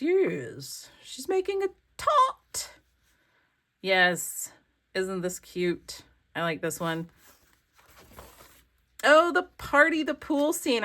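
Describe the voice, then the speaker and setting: Chatty woman with a lowish voice. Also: pushed and bright. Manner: chatty and rambling, gushing over her pages. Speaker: craft vlogger. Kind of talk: casual flip-through commentary. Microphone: desk camera.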